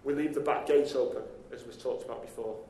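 With a mid-range, dark-toned voice, this pastor talks fast and keeps a steady tone. He delivers his sermon conversationally, tossing questions out to the congregation in an echoey church hall.

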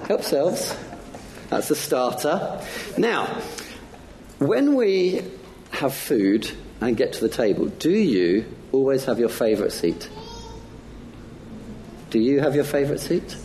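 A man's voice: medium pitch, very animated, slow pace, long pauses, warm tone, a little hiss or hum. A man giving a playful talk to children during a church service, asking them many questions. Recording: echoey church hall.

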